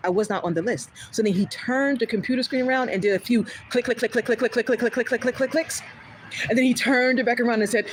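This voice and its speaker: A woman's voice: fairly high pitch, fast, a little hiss or hum, rough recording. A woman hosting a livestream, casually telling a story. She acts out the back-and-forth dialogue and laughs often as she talks. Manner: animated, retells events with quoted back-and-forth dialogue; laughs often while talking.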